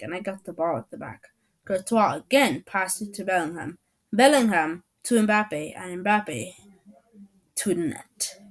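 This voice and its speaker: A woman narrates a first-person story in a lively, playful way, leaning into the drama of each moment. Her pacing is slow and deliberate, and her pitch sits in a middle range for a woman.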